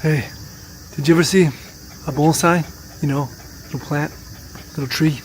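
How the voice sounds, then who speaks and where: A man in his sixties with a fairly high voice spins casual vlog stories. His delivery is punchy and animated, and it swells loud and emphatic when he gets going. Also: measured pace, slight background noise. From Miami, Florida, US. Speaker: vlog host and martial arts teacher.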